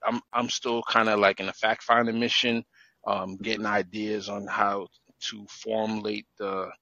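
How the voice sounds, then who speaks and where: A man's voice: on the low side, level tone, measured pace, bright, forceful tone, no echo, muffled recording. A man speaking as a guest on a podcast, explaining a project with hesitant restarts. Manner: hesitant, many fillers and restarts. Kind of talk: casual call-in podcast chat.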